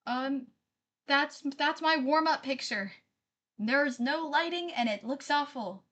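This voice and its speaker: A woman's voice: high-pitched, slow pace, a bit bright. A woman live-streaming, chatting casually with her viewers, apologizing often and reading their messages aloud.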